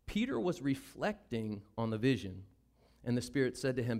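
Animated Southern preacher man. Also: medium pitch, moderate pace. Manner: animated, acts out Bible characters in voices. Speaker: pastor. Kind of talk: sermon.

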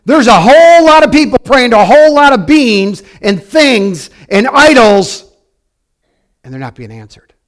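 Pastor, male, high-pitched, preaching with lively swings between soft and loud delivery. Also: unhurried. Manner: animated storytelling with wide swings from quiet to loud. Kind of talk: sermon.

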